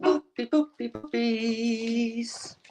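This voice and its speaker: A woman's voice: fairly high pitch, fairly even intonation, extremely slow, mellow, soft background music, poor audio. A woman hosting a casual live stream at home, cooing at puppies in a sing-song voice and greeting viewers by name.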